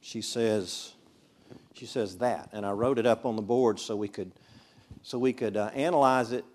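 A man's voice: fairly low pitch, normal speed, darkish tone. A man from Mississippi, teaching a Bible study in a classroom in a chatty, conversational way and often putting questions to his class. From Mississippi, USA. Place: classroom with a board.

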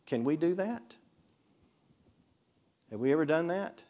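A man's voice: a little high, expressive, a little slow, dark tone. A man from Mississippi, teaching a Bible study in a classroom in a chatty, conversational way and often putting questions to his class. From Mississippi, USA. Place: classroom with a board.

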